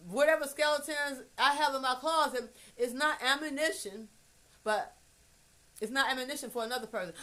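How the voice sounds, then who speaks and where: A woman musing in a casual monologue, blunt and profane, swinging from hushed asides to emphatic loud bursts. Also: sits high. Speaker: vlogger.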